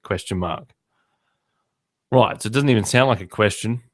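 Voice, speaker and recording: A man's voice: on the low side, normal speed. A man hosting a podcast in casual chat, tossing in dry jokes and asides. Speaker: podcast host.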